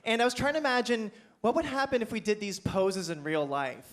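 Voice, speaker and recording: Male stand-up, high voice, campy and animated, club stage on a handheld mic. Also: a little fast. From Pennsylvania. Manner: campy, animated, playful with the crowd. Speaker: stand-up comedian. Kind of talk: stand-up set.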